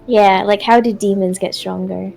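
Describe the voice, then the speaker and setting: A young woman playing in a tabletop game, chatty and quick to laugh. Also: mid-range voice, fairly even intonation, vocal fry, a little mellow, faint music behind. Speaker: player. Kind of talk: casual tabletop play.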